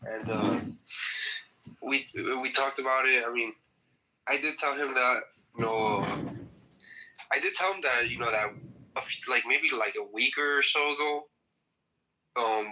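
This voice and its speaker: A man chatting casually in a group room, halting and full of fillers as he recounts a conversation. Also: mid-range voice, bright, forceful tone, slight background noise, poor audio. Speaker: regular in the chat room.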